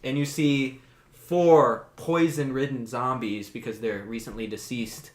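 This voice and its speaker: A man's voice: medium pitch, steady tone, unhurried, reverberant. A man narrating as game master of a tabletop game, rambling with fillers and laughing.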